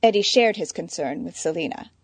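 A woman narrating a story in a measured, wry storytelling manner. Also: lowish voice, animated, husky, no room sound. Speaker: audiobook narrator. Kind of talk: scripted narration.

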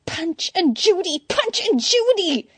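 A woman's voice: very high-pitched, sing-song, slow, noisy background, voice pushed up, exaggerated voice. A woman doing panicky paranoid Edward Nigma. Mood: flustered. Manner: panicky, exclamatory, fretful.

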